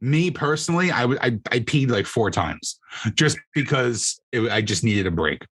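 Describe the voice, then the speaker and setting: A man's voice: mid-range voice, lively intonation, moderate pace, fairly bright tone, breathy edge, dry recording. A man co-hosting a casual podcast as a comedian, ranting sarcastically and swearing freely. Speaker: comedian co-host.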